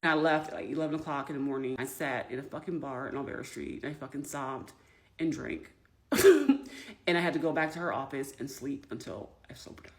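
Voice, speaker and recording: A woman's voice: rumbling low, expressive, brisk. A woman defense attorney telling a candid story in a blunt, profane, emphatic way.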